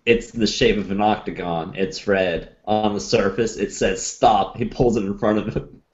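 Tabletop player, man, very low and unhurried, growling threats in character, lo-fi recording. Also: steady tone, darkish tone. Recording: dull lo-fi audio.

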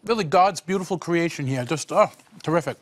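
A man hosts a home cooking segment, chatting while he cooks. His voice sits high and the words tumble out fast. He keeps it folksy and enthusiastic. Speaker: cooking show host, a monsignor.

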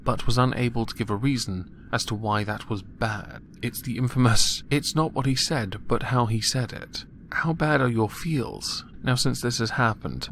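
A man's voice: lowish voice, vocal fry, a little hiss or hum. A man giving casual, mocking commentary on news stories, sarcastic and chuckling at his own jokes. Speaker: commentary vlogger.

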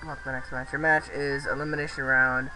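A young man casually commenting on his gameplay, rambling, swearing and shouting excitedly at the game. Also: medium pitch, a little fast, over music, rough recording. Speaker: let's play host.

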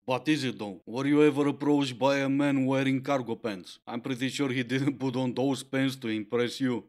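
A man hosting a reaction video, giving blunt, sarcastic commentary on clips. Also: medium pitch.

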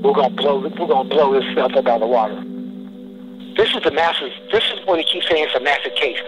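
A man's voice: fairly high pitch, poor audio. A man speaking as a criminal defendant in a heated monologue, agitated and stumbling over many restarts.

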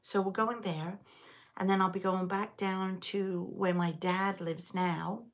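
At home, a middle-aged woman from the Liverpool area hosts her knitting channel's casual live stitch-along, rambling and fielding viewer questions as she goes. She speaks slowly in a mid-range voice with a flat delivery.

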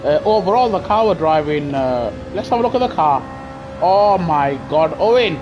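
A man chatting casually on a gaming live stream through a headset, effusive and excitable as he gushes at his viewers. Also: fairly high pitch, normal speed, highs cut off, over music. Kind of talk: casual live-stream chat while racing.

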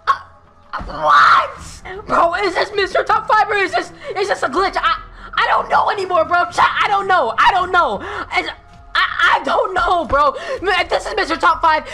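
A man streams his game in a very high, bright, sharp voice. He is excitable, often shouts, and says "bro" constantly. He sounds worked up and restless. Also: normal speed. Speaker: streamer being pranked. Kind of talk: live-stream gaming chat.

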